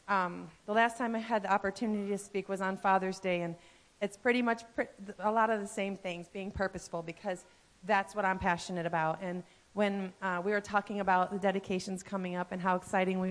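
A woman in her fifties, a pastor's wife, giving a heartfelt, earnest church message with fillers and soft laughs. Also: mid-range voice, steady tone, a little fast. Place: church sanctuary.

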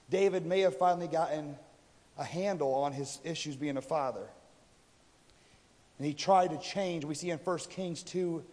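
A man preaches a sermon, retelling a story in a casual, conversational way and voicing the people in it. His voice is on the high side and a little mellow, heard in a reverberant hall.

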